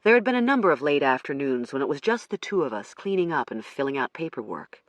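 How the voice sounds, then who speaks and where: A narrator reads a first-person crime thriller for an audiobook in a measured storytelling style. The voice is mid-range with a fairly bright tone, and there is no room sound.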